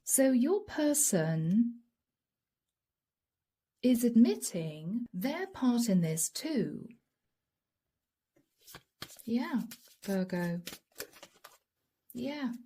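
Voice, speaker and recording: A woman giving a channeled tarot reading, soft and emotional, often dropping to a whisper. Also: a little high, big pitch swings, drawn-out words, long pauses, husky. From Europe. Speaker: tarot reader.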